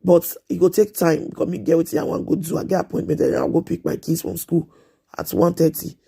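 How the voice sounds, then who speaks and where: A woman's voice: low voice, brisk, gravelly, mellow, slightly rough. A Nigerian woman in her thirties on a casual live stream, giving earnest advice and repeating herself as she pleads with her viewers.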